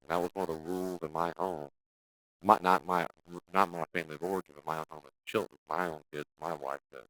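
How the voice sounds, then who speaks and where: A pastor with a very low voice teaches a church class, recorded dry and close with no echo and low quality. He speaks directly and casually, often restarting sentences, and livens things up by acting out quoted speech in exaggerated voices.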